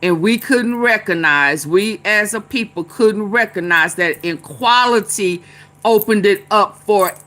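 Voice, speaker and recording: A woman's voice: medium pitch, unhurried, a bit bright. A woman vlogger giving casual, chatty political commentary, laughing often and chanting refrains.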